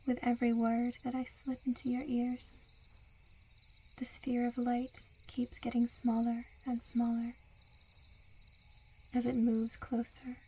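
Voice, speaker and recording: A woman in a whispered role-play, with a soft, soothing and coaxing hypnotic murmur. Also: on the high side, completely flat delivery, takes it slowly, long pauses, a little hiss or hum. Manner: seductive, coaxing.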